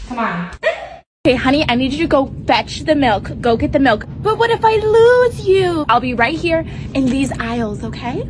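A woman's voice: high voice, big pitch swings, normal speed, a little hiss or hum, pitched below the performer's own voice. A young woman playing an exasperated, bossy mother in a comedy sketch, snapping orders impatiently. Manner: impatient, sighing, snaps orders. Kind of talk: comedy sketch role-play.

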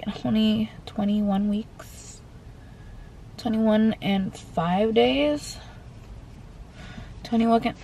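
A woman's voice: mid-range voice, gravelly, a little mellow, a little hiss or hum, low-quality recording. A young woman vlogging in casual chat, rambling with lots of "like," and out of breath as she talks into a handheld phone camera. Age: young adult.

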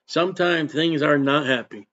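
A man preaching in an emphatic, repetitive way, swinging from loud bursts to quiet asides. His voice sits a bit high for a man. The recording is dull and lo-fi. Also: normal speed. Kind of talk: sermon.

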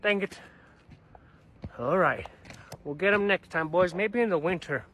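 A man's voice: high-pitched, expressive, measured pace, pushed and bright, a little hiss or hum. A man rambling to his viewers while he wanders outdoor trails, swearing freely and talking straight to the camera. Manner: chatty, swears a lot, talks to viewers as "you guys". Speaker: vlogger.

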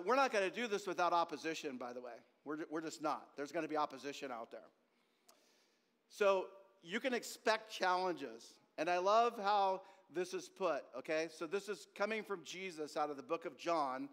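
A male pastor preaches in a high, animated voice. He speaks to the congregation in a chatty way and often turns to them directly. His words ring out with the long reverb of a church sanctuary. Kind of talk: sermon.

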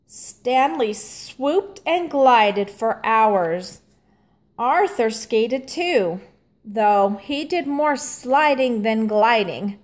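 A woman reading a children's storybook aloud in a gentle, clearly paced narration. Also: fairly high pitch, expressive, extremely slow. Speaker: storybook reader.

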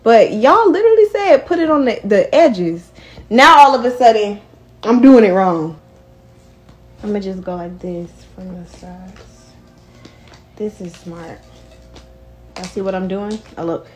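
A woman's voice: mid-range voice, lively intonation, unhurried, pauses often, soft background music. A young woman talking frustrated to her viewers in a casual vlog. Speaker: vlogger.

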